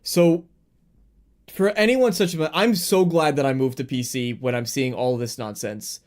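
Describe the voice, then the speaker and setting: A man's voice: mid-range voice, a little slow. A man hosting a live-streamed gaming news chat, talking casually, laughing easily and reading chat messages aloud. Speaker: stream host.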